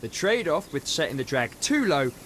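A man voicing a patient fishing instructor in a game tutorial, calm and instructive. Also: fairly high pitch, normal speed, crowd noise.

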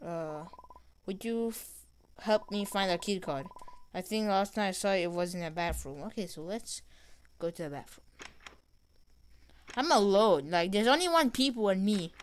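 Excitable woman narrating a game. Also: medium pitch, moderate pace, long pauses, clean tone. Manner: reads game dialogue aloud, excitable. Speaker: gamer. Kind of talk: gameplay commentary.

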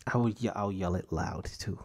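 A man's voice: normal speed, slightly rough. A young adult man hosting a podcast, telling profane jokey stories in a loose casual rant. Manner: loose, profane, jokey storytelling with sudden pitch jumps. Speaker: podcast host.

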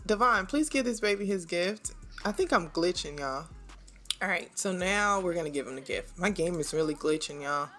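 A woman's voice: fairly low pitch, animated, normal speed, sharp tone, faint music behind. A woman, chatting casually to viewers while playing a life-sim game, laughing often. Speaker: gaming channel host. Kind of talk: casual let's-play commentary.

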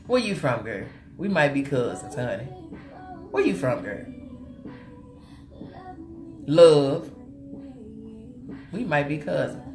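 A lively woman hosts a makeup live stream and chats warmly with her viewers as she works. Her pitch swings widely, though her voice sits a little low. The room is echoey, with faint music playing behind her. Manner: animated and chatty, greets viewers with terms of endearment. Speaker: host of a live makeup tutorial.

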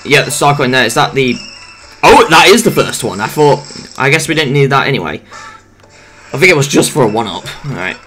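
A young man talks through a platform game in loose, rambling commentary. His pitch swings widely from low mutters to high yelps, and he peppers everything with swearing and silly asides. Quiet game music plays behind him. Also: sing-song, a little fast. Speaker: gameplay commentator. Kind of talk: casual let's play commentary.

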